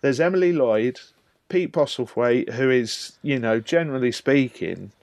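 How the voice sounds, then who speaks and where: A man hosting a film podcast in a mid-pitched voice. He jokes, sounds baffled, and stresses his words. The recording is dry and close to the mic. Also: lively intonation, a little slow, a little mellow, dry recording. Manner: jokey, incredulous, emphatic. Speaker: podcast host. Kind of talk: casual film discussion.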